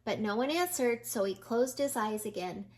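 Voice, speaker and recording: An older woman reading a children's picture book aloud in a gentle, slow manner, pointing out the pictures. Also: a little high, lively intonation.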